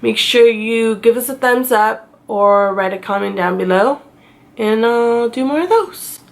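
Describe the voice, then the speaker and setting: In a slow story-time video, a woman vlogger with a raspy voice chats away while mocking herself. She recreates her earlier sobbing as a shrill, high wail.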